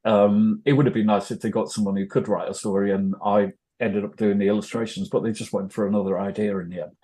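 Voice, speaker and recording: A man's voice: on the low side, level tone, quick pace, dark tone. An older man with a North Welsh accent, telling rambling, self-deprecating stories as an interview guest. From North Wales. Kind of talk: casual interview storytelling.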